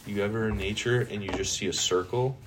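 Young guy on a podcast, kinda low voice, jokey and swears a ton, faint noise behind. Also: fairly even intonation, brisk. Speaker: podcast host. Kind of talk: casual chat.

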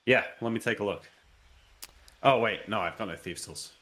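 A man's voice: fairly low pitch, normal speed, a bit bright. A man playing a tabletop game over an online voice call, chatty and thinking aloud as he talks. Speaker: player. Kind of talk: casual tabletop game play.

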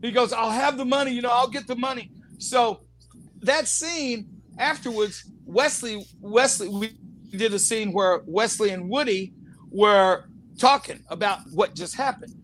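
A man telling animated anecdotes as an interview guest, acting out quotes and laughing often. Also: extremely high pitch, a little slow, slight background noise. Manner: lively storyteller, acts out quotes, laughs often. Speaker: actor guest telling stories.

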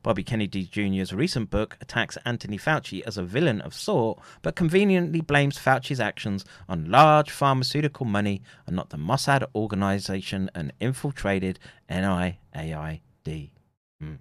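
A man's voice: lowish voice, very animated, normal speed, no room sound. A man hosting a commentary show, reading passages aloud and breaking off with sardonic hums and asides.

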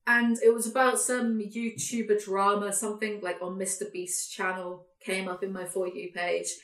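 A woman hosting a podcast, ranting in a casual chat, animated, sweary and sarcastic. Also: medium pitch, moderate pace, echoey room. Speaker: podcast host, YouTuber.

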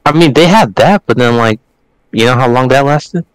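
A man's voice: mid-range voice, expressive, moderate pace, rough recording. A young man co-hosting a podcast in casual chat, laid-back and rambling with lots of fillers. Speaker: podcast co-host.

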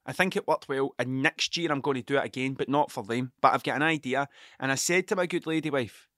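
A man's voice: medium pitch, fast, a bit bright, no echo, clean studio sound. A young man rambling through a casual monologue at home, swearing constantly and mocking himself, hungover and short on sleep. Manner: heavy swearing, restless, self-mocking. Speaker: podcast host. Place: cluttered room at home.

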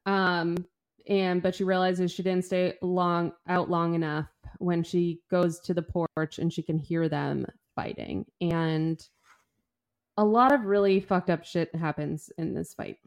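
A woman's voice: fairly low pitch, steady tone, unhurried, clear, resonant tone. A young woman co-hosting a podcast, talking frankly and opinionated about a book, with casual swearing. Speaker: podcast co-host. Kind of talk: casual book-club chat.

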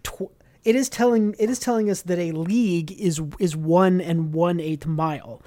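A man with a fairly high voice chats casually on a podcast, recapping a comic with plenty of fillers and acted-out quotes. The recording is close and dry, with no room sound. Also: moderate pace, dark tone, no echo. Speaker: podcast co-host. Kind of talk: casual book club discussion.

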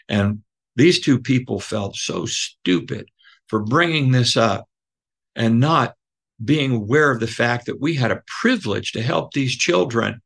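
A man guest telling a personal story, earnest and emotional, halting with many fillers and restarts. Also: medium pitch, lively intonation, creaky, a bit bright. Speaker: podcast guest.

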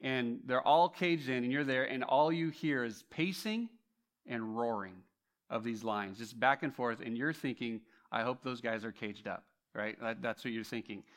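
A male pastor preaching a sermon, telling a story with animated swings between loud emphasis and hushed tones, often restarting his words. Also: mid-range voice, normal speed. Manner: frequent restarts and repeated words.

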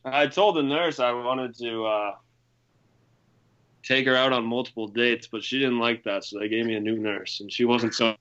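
Male guest, laid-back and sheepish; bright, forceful tone on muffled audio. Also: medium pitch, fairly even intonation, normal speed. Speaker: podcast guest. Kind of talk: casual podcast chat. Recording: dull lo-fi sound.

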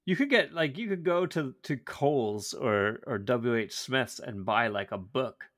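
A man's voice: medium pitch, animated, a little slow, fairly bright tone, no room sound, clean studio sound. A man co-hosting a podcast in casual chat, wry and self-deprecating, stumbling over repeated words as he thinks. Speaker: podcast co-host.

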